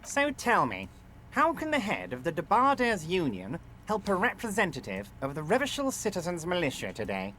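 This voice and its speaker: An actor playing a heavyset male union boss in a video game, genial and smooth but manipulative. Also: high voice, wildly swooping pitch, moderate pace, sharp tone, a little hiss or hum, exaggerated voice. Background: game music.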